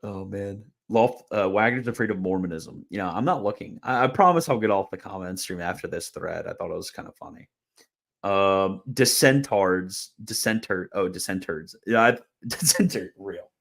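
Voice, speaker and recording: A man's voice: low voice, moderate pace, creaky. A young man hosting a live stream, chatting casually and answering viewers' questions, rambling with fillers and laughing at comments. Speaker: livestream host answering chat.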